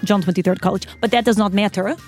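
A woman's voice: mid-range voice, fairly even intonation, quick pace, faint music behind, lightly acted. A woman voicing a boastful Russian woman in a fake Russian accent, speaking broken English with dropped articles. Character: boastful Russian woman who loves vodka.

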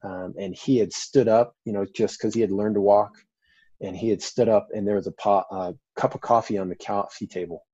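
A man's voice: lowish voice, steady tone, brisk, mellow, slightly rough, no room sound. A man, a firefighter and paramedic, telling a story in a casual interview in an earnest, rambling way with many fillers. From Colorado, US. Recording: dull lo-fi dry audio.

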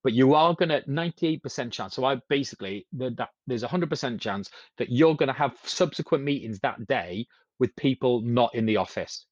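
A man's voice: medium pitch, animated, brisk, no room sound. A man on a podcast talking in a rambling way with many restarts, acting out quoted speech. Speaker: podcast speaker. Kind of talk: casual podcast chat. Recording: slightly muffled lo-fi sound.

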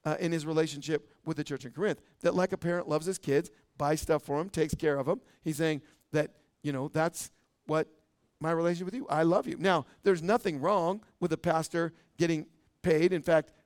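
Teaching pastor, male, high-pitched, chatty sermon delivery with frequent asides to the congregation. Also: steady tone, a little fast, no echo, clean studio sound. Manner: conversational, joking, often asks "right?". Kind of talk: expository sermon. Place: church service.

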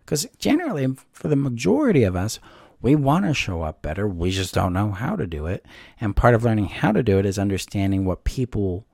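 A gentle, soft-spoken man explains emotional boundaries in a calm, reassuring teaching voice. His tone sits low with a gravelly texture. The sound is dry and close, with no room echo. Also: brisk. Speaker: codependency coach and course teacher. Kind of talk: calm instructional talk to camera.

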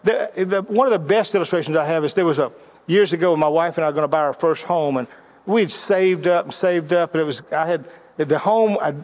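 High-voiced man teaching with stories. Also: a little mellow. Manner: storytelling, repeats words as he restarts. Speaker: leadership teacher. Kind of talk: sermon-style teaching.

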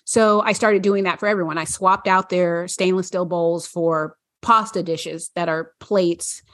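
A woman's voice: fairly low pitch, fairly even intonation, measured pace, fairly bright tone, no echo, clean studio sound. A woman podcast co-host chatting casually, rambling with many fillers and frequent laughs. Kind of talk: casual chat.

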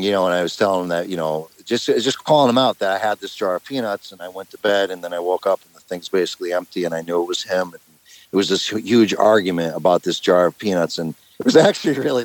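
A middle-aged man chatting as an interview guest, telling long rambling stories, laughing and loudly acting out what others said. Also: fairly low pitch, dry recording, low-quality recording. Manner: rambling storyteller, laughs, acts out quotes loudly. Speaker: musician guest. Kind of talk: casual phone interview.

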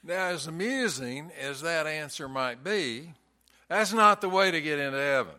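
A man's voice: a little high, expressive, normal speed, bright, forceful tone. A man preaching a sermon in a folksy storytelling way, hammering points home with emphatic repetition.

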